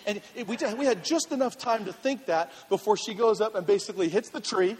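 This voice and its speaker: A male pastor telling a funny personal story in a sermon, animated and laughing, then turning earnest. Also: high voice, fairly quick. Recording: reverberant hall with faint ambience.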